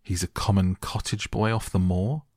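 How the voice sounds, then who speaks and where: A man's voice: sits low, fairly even intonation, normal speed, a little mellow, no room sound, clean studio sound. A man voicing a spoiled, sickly young boy who whines and sneers. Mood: petulant. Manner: whiny, sneering.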